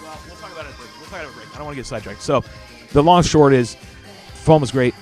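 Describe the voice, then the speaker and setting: A man's voice: on the high side, rapid-fire, darkish tone, soft background music. A man hosting a casual live show, telling stories animatedly and swearing freely. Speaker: show host.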